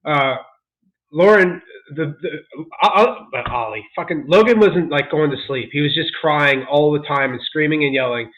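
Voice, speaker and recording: A man's voice: fairly high pitch, moderate pace, poor audio. A man co-hosting a casual podcast, telling stories animatedly. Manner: animated storytelling. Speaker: podcast co-host.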